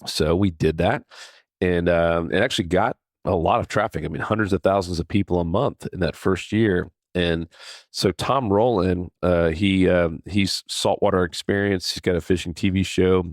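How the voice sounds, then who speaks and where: A man's voice: low-pitched, fairly even intonation, moderate pace, dry recording, studio quality. A man hosting a podcast, telling a personal story in a casual, conversational way with many fillers and restarts. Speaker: podcast host.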